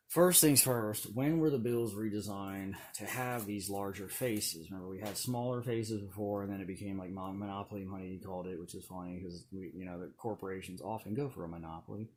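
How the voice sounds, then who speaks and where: A video creator with a low, darkish voice talks casually in a home vlog shot indoors on a camera on a stand. He rambles, drops conspiratorial asides and chuckles often, and there's a bit of hiss or hum in the audio.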